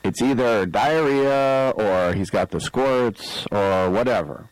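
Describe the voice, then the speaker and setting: Middle-aged male sports radio host, deep voice, dry studio sound, rambling anecdotes. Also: slow, clean tone, no room sound, low-quality recording. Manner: rambling, self-deprecating, acts out quotes. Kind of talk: casual storytelling on radio. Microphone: studio microphone.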